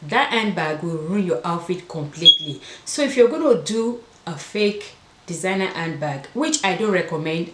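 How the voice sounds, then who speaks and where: A woman's voice: on the low side, animated, normal speed, fairly bright tone, echoey room, a little hiss or hum. A woman with an African accent talking casually to camera as a fashion vlogger, repeating words for emphasis. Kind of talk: casual vlog talk to camera.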